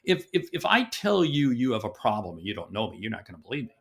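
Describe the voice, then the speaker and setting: An older man being interviewed as a sales expert on a podcast, talking in an emphatic, animated way and repeating words for stress. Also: medium pitch, fast.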